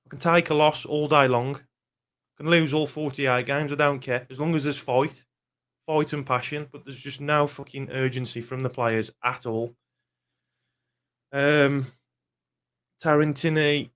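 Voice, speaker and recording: A man's voice: medium pitch, fairly even intonation, unhurried, a bit bright. A young man, ranting angrily and swearing bluntly in a football fan vlog. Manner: angry, swears often, blunt.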